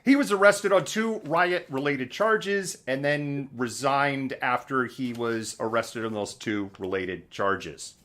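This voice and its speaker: A man's voice: mid-range voice, slow, hardly any pauses, fairly bright tone. A man hosting a live news commentary show, chatting in a sarcastic, mocking way. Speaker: host.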